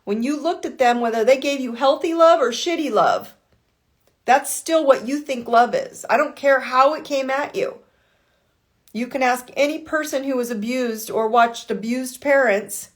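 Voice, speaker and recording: A woman's voice: high-pitched, normal speed. A woman life coach giving a blunt motivational talk on a live call, swearing and firing off rhetorical why questions.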